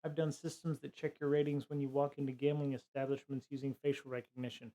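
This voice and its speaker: A man's voice: mid-range voice, level tone, fast, mellow. A man hosting a live-stream podcast, talking casually and musing aloud in a rambling way.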